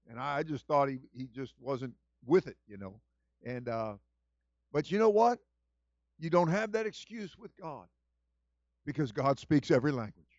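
A man preaching a sermon as senior pastor, moving from quiet storytelling to loud exhortation and repeating phrases for emphasis. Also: a little high, dry recording, dull audio.

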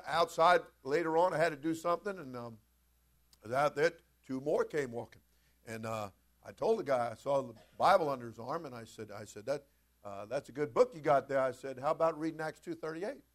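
A man preaching a sermon as pastor, energetic, telling stories and building to loud, emphatic preaching. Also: on the high side.

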